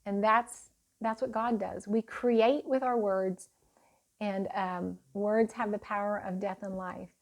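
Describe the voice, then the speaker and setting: A woman's voice: medium pitch, steady tone, slow. A woman teaching parents in a casual, chatty way, telling stories with a laugh and speaking of faith.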